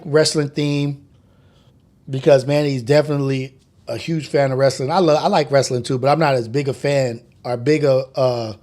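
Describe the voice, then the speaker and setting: A man's voice: medium pitch, a little mellow. A man in his forties hosting a casual morning show from home, loose and joking, who swears often and laughs a lot. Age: 40s. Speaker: podcast host.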